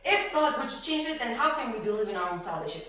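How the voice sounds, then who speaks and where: Bright, lively preaching woman. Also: on the high side, quick pace. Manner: emphatic, laughs often, swings between loud and hushed. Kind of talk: preaching religious talk. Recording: roomy, far from the mic.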